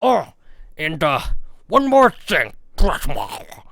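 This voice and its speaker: A man voicing an older male teacher with a croaky voice who talks earnestly, recorded on a dry, close mic. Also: fairly high pitch, very animated, slow pace, fairly bright tone, no room sound, heavily acted.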